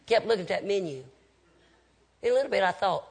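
A man's voice: high-pitched, fast, creaky, long pauses. A Baptist preacher man, telling folksy anecdotes with quoted dialogue in a storytelling sermon.

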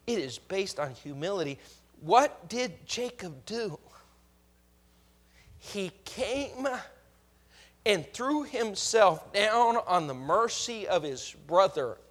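A male preacher with a very high, bright and forceful voice delivers a sermon. He swings from loud to hushed and acts out the voices he quotes. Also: sing-song, takes it slowly, long pauses.

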